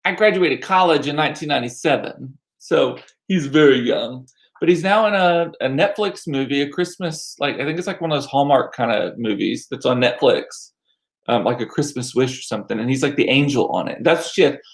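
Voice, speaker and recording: A man's voice: medium pitch, a little fast. A man in his forties telling stories in a chatty, irreverent way, laughing often. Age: 40s. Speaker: vlogger. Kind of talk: casual storytelling.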